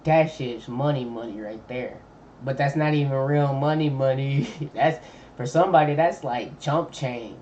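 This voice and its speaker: Homme lent et décontracté en stream. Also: male voice, mid-range voice, a little slow, darkish tone, a little hiss or hum. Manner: laid-back slangy chatter, thinking aloud. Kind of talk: casual live-stream reaction commentary. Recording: dull lo-fi mic with faint ambience.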